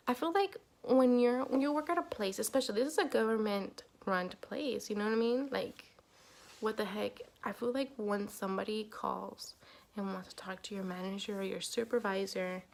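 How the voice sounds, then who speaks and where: Chatty woman with a gravelly edge. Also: medium pitch, darkish tone. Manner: chatty, exasperated retelling with lots of "like" and "you know what I mean". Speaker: vlogger. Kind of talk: casual storytime vlog.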